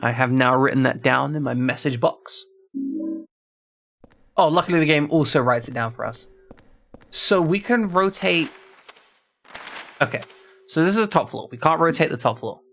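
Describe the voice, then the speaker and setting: A man streams a horror game, thinking aloud as he works through a puzzle and tossing remarks to his viewers. His voice sits a little high for a man, with a steady gravelly fry running through it. The delivery is loose, unscripted gameplay chatter. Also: moderate pace, long pauses. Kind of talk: casual gameplay commentary.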